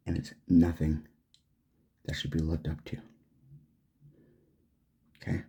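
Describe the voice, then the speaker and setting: A man's voice: extremely low pitch, little pitch movement, slow, long pauses, dark tone. A man delivering an angry, profane, sarcastic rant straight to the camera. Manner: swearing, heated, sarcastic. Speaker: vlogger.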